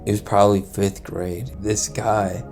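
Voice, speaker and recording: A man's voice: lowish voice, steady tone, measured pace, a little mellow, faint music behind. A young man casually retelling a true crime story, slangy and profane, acting out the people he quotes. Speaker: storyteller host.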